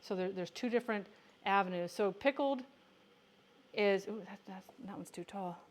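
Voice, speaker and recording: A woman's voice: medium pitch, normal speed. A woman hosting a casual livestream about home canning, chatting with viewers and talking to herself as she works. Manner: chatty, answers viewer questions, talks to herself while working. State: has the hiccups. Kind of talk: casual livestream cooking chat.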